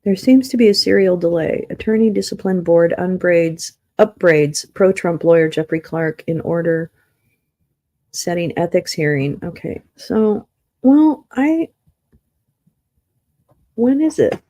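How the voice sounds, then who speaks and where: A woman hosting a casual livestream in an unhurried, mellow voice. She rambles, hums little tunes under her breath and swears freely as she talks to her chat. She sounds easily flustered and confused while she searches. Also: lowish voice. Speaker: livestream host.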